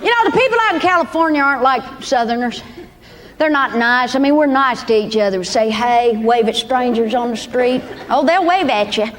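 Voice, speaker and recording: A woman's voice: fairly high pitch, lively intonation, brisk, in a large hall. A woman from Kentucky with a Southern accent, doing a folksy, sassy stand-up set on a club stage. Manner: folksy, sassy drawl with big shifts into mock quotes. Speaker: stand-up comedian. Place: comedy club stage with live audience. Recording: live club recording with crowd laughter and noise.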